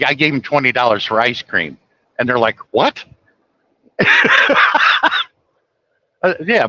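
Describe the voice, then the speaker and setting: A middle-aged man from the United States casually telling anecdotes, chuckling often and getting animated when he quotes other people. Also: mid-range voice, dull audio. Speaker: trucker telling stories. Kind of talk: casual storytelling monologue.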